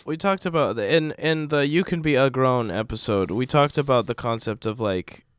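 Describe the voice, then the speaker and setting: A man's voice: mid-range voice, moderate pace, smooth, dry recording, clean studio sound. A young man co-hosting a podcast in casual chat, sick but loose and slangy. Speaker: podcast co-host.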